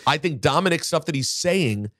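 A man's voice: a little high, lively intonation, a bit bright, dry recording, studio quality. A man hosting a casual podcast chat, arguing his points emphatically and pushing back hard. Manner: emphatic, argumentative, quick to push back. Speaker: podcast host.

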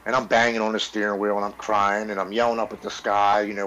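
Man in his forties, podcast guest, earnest personal story, blunt and profane, lowish voice. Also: level tone, quick pace, pushed and bright, a little hiss or hum, rough recording. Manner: earnest, blunt, swears freely. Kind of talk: personal recovery story, casual.

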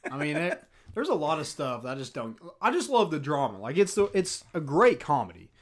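A man co-hosting a casual chat, relaxed and laughing, his voice often trailing off quietly. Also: fairly high pitch, a little fast. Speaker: podcast co-host.

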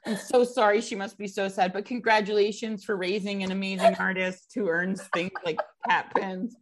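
A middle-aged woman in casual chat, telling a family story with animated quoted voices. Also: medium pitch, normal speed.

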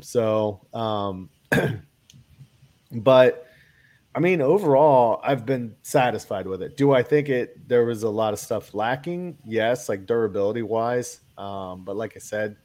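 A man's voice: medium pitch, unhurried, a little mellow. A man with a cold chatting casually about kayak gear, rambling with lots of fillers and restarts. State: has a cold. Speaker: kayak angler guest. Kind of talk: casual chat.

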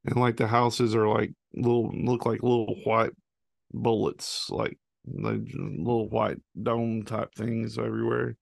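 A man talking as a podcast guest in casual chat, halting and filling with "like". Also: on the low side, little pitch movement, creaky, no echo, clean studio sound. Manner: halting, full of "like" fillers.

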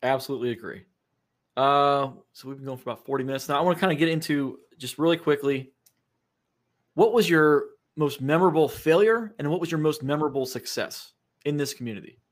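A man's voice: fairly high pitch, fairly quick. A man hosting a podcast interview, agreeing readily and asking short, direct questions. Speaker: podcast host.

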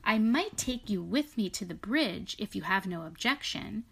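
A woman's voice: medium pitch, lively intonation, normal speed, creaky, a bit bright, breathy edge, exaggerated voice. A woman voicing a shy, kind boy pig in a storybook, raised and worried. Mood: anxious.

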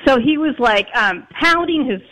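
A man from Chicago is a guest author in an interview. He tells anecdotes briskly, with lots of little fillers. His voice has a bright, forceful edge. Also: very high voice, slight background noise, poor audio. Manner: lively anecdote-telling with fillers. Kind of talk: storytelling interview.

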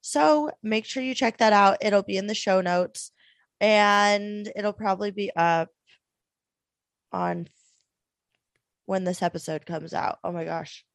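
A woman's voice: mid-range voice, takes it slowly, gravelly, long pauses, dry recording. A woman co-hosting a casual podcast, upbeat and laughing, chatting loosely with a friend. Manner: hyper, laughing, swearing. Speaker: podcast co-host. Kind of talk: casual chat.

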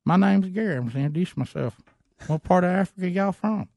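A man's voice: high voice, quick pace, vocal fry, darkish tone, dry recording, pitched above the performer's own voice. A man voicing a bewildered rural man with a drawl, full of puzzled questions. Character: bewildered rural Southern man, bulldozer operator.

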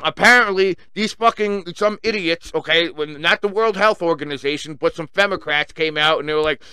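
A man delivering an angry, profane solo rant as the host of his own show, with sudden loud outbursts. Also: high-pitched, a little fast, hardly any pauses, clean tone, no echo. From Africa.

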